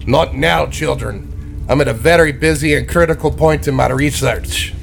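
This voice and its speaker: A man's voice: fairly high pitch, moderate pace, gravelly, faint music behind, pitched above the performer's own voice. A man voicing a grumpy, impatient male dwarf alchemist in a tabletop game. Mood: irritable. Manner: testy, impatient.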